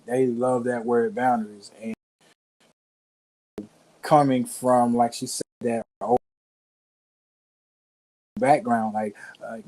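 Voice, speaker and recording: Laid-back Southern man with a mellow voice. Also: medium pitch, low-quality recording. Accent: Southern US country accent. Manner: laid-back, folksy, conversational, says "man" and "you know". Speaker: church co-host of a sermon recap. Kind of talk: casual church recap talk.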